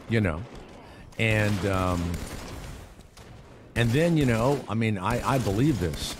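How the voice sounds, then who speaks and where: A man's voice: lowish voice, takes it slowly, pauses often, a little hiss or hum. A middle-aged man hosting a talk radio show, rambling through a sarcastic comedic monologue with mock voices.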